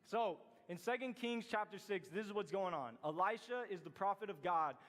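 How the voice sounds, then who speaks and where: A man's voice: sits high, normal speed, a bit bright. A male youth pastor telling a scripture story in a casual, chatty sermon full of fillers and acted quotes. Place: church sanctuary. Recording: long hall reverb.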